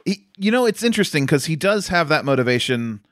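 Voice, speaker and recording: A man's voice: a little high, big pitch swings, quick pace, a bit bright, dry recording, studio quality. A man co-hosting a podcast, telling rambling stories in casual chat and laughing often. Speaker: podcast co-host.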